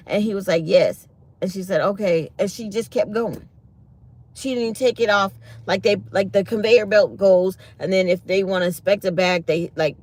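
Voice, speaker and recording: Exasperated woman telling a travel story. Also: mid-range voice. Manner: exasperated, acts out quoted exchanges. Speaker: channel host. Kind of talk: casual storytelling to viewers.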